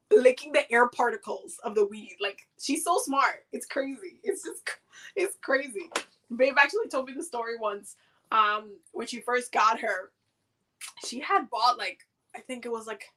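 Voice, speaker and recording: A woman with a high voice hosts a casual livestream oracle card reading. Her tone is bright and sharp. She chats loosely and slangily, looping back over her words as she goes. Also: low-quality recording. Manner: chatty and loose, slangy, many fillers and repeats. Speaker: oracle card reader hosting a live reading. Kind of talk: casual livestream chat during card pulls.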